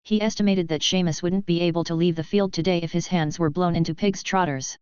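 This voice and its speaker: A woman with a lower voice reads a storybook aloud in a steady, unhurried way. Her tone is very smooth and clean, close and dry, though the audio sounds a little muffled. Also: no echo. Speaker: audiobook narrator. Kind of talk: flat scripted narration.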